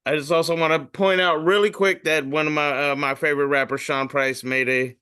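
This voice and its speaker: A man's voice: a little high, steady tone, fairly quick, sharp tone, smooth. A man who does comedy, hosting a podcast and reading memes aloud in a loose, profane, jokey way. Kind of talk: casual comedic meme reading.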